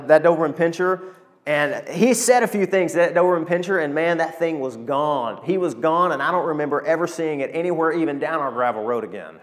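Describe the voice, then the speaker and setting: A man, preaching a sermon and telling stories with animated, emotional delivery. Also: fairly high pitch, brisk. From Arkansas, USA. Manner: animated storytelling preacher, emotional, calls to the congregation. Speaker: pastor.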